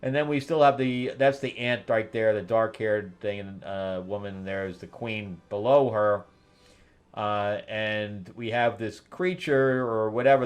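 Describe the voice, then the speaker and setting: A man's voice: on the low side, steady tone, moderate pace, clean tone. A man hosting a comic review, casually recapping a story in a rambling way with asides. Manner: rambling retelling with laughs and asides.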